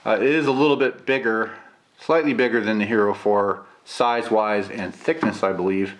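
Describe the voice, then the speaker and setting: A man getting over a cold, with a gravelly voice, chatting casually through a camera unboxing and review, with lots of filler "uh"s. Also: on the low side, normal speed. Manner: relaxed, chatty, many filler "uh"s.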